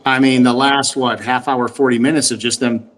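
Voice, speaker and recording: A man with a medium-pitched voice keeps a live stream going, greeting viewers by name and reading their comments. He sounds easygoing and upbeat. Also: little pitch movement, normal speed, fairly bright tone. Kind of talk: casual live-stream chat.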